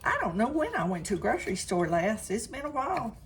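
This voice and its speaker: A woman's voice: a little high, big pitch swings, fairly quick, a little hiss or hum. An older woman, chatting directly to viewers while cooking and tasting food in her home kitchen. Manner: chatty, talks straight to viewers, eats on camera. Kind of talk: casual cooking vlog.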